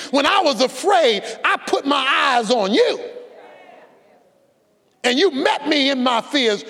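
Fiery high-voiced preacher man in a hall. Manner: fiery, shouting and drawing out words for emphasis; preaching with a folksy, conversational edge. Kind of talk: sermon. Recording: long hall reverb.

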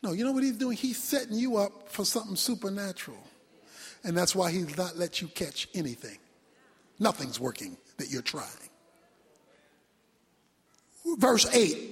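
A man preaching a sermon as pastor, swinging from loud shouts down to near-whispers. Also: high voice, expressive, measured pace, long pauses. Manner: preaching with sudden shouts and drops to a hush. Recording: long hall reverb.

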